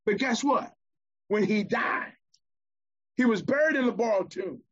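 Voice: medium pitch, a little slow, a bit bright, highs cut off. A preacher in the middle of a sermon, reading scripture aloud and rousing the congregation with calls and questions.

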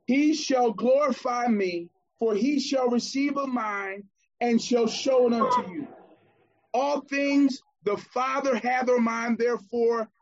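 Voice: mid-range voice, slow pace, dull audio. A preacher in the middle of a sermon, reading scripture aloud and rousing the congregation with calls and questions.

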